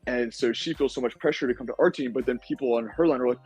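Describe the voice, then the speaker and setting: A young man, a podcast guest, casually recounting a game-show experience in an animated way, with lots of fillers. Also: medium pitch, quick pace, husky, soft background music, poor audio. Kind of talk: casual storytelling.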